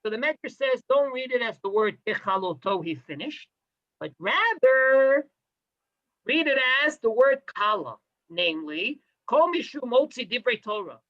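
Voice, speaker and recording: A man teaching a Torah class, animated, with sarcastic asides and Hebrew terms mixed in. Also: very high voice, moderate pace, muffled recording. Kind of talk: lecture to a class.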